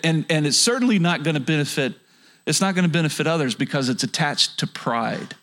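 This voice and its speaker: A man's voice: fairly high pitch, expressive, fairly quick, fairly bright tone. A man preaching a sermon as pastor, earnest, with frequent stammered restarts and rhetorical questions to the audience.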